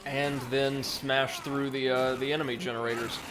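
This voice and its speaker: A man's voice: medium pitch, moderate pace, background noise. A man hosting a let's play, chatting casually and reacting to viewers while he plays, often correcting himself mid-sentence. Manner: chatty, self-correcting, excitable. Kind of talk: casual gameplay commentary with chat reading.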